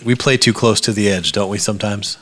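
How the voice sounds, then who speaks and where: Man preaching a lively sermon. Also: lowish voice, a little fast. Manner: animated, jokey preaching that swings between loud outbursts and hushed asides. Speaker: pastor. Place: church sanctuary before a congregation.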